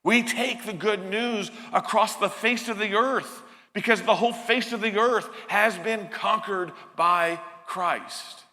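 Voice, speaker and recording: In a church sanctuary with big-room acoustics, a pastor with a high, bright, forceful voice preaches earnestly and emphatically, repeatedly restarting his phrases.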